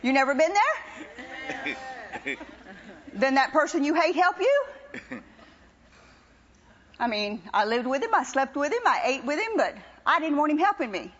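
Older woman, high-pitched testimony preacher, animated and wry, dull lo-fi church recording. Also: a little slow, pauses often, big-room sound. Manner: animated, teasing, wry storytelling. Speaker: preacher's wife giving testimony. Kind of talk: sermon testimony to a congregation.

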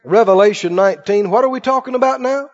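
A man's voice: sits high, fast talker. A man preaching a sermon to a congregation, telling folksy stories and often asking them "Right?". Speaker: pastor. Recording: dull lo-fi church recording with long reverb.

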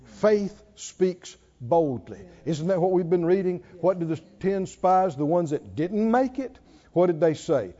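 A man preaching a sermon, swinging from near-shouts down to hushed tones, often laughing between lines. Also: sits high, animated, unhurried, dull audio. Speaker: pastor.

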